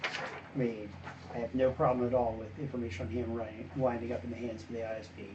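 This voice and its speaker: A man's voice: medium pitch, level tone, fast, dull audio, background noise. A man player in a tabletop game, talking casually with a wry tone.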